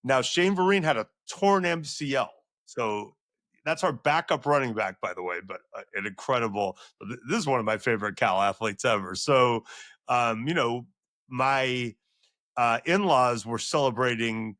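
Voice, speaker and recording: A middle-aged man, a sports journalist and podcast guest, telling a long story with rising excitement. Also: normal speed, dry recording, clean studio sound. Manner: excitable, voice climbs high when reliving moments. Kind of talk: animated storytelling.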